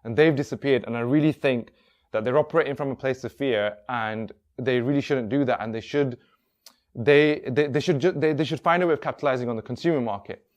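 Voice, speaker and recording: A man's voice: mid-range voice, a little fast, dull audio, close to an everyday voice. A man voicing a polite young male office worker who stumbles and restarts as he speaks. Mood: earnest.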